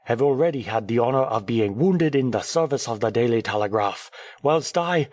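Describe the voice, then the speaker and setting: A man reading an audiobook, voicing a cheerful, talkative male French journalist who speaks in a brisk, airy, teasing way. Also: medium pitch, expressive, darkish tone, no room sound, clean studio sound, close to an everyday voice. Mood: breezy.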